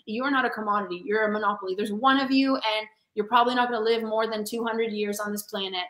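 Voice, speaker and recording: This guest, a sales coach for women, is a fast talker with a medium-pitched, slightly bright voice and fairly even intonation. Over a video call from an echoey room, she motivates passionately and emphatically, addressing listeners as "honey."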